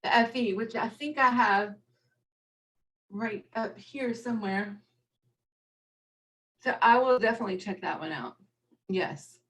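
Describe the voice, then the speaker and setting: Woman host, high voice, chatty and rambling, cusses a lot, sits back from the mic. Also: a little slow, pauses often, a bit bright, far from the mic, poor audio. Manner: chatty, rambling, swears freely, laughs often. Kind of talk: casual chat on a live video call.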